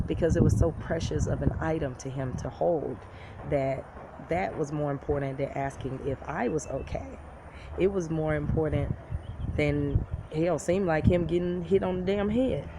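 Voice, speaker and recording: A woman from the United States telling a personal story to camera in a blunt, profane, animated way. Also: low voice. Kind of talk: casual storytime monologue. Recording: loud background noise.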